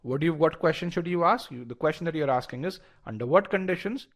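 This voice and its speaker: Here a man with a voice on the high side teaches a live online class at a quick pace. As a test prep instructor, he walks through the logic step by step, animated and constantly restarting and using fillers, and he polls the students along the way.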